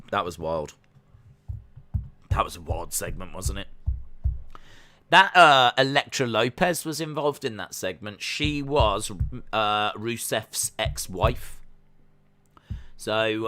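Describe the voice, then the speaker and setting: A man's voice: medium pitch, pushed and bright. A man chatting his way through a live watch-along. He talks in a jokey, rambling way. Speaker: streamer reacting to wrestling.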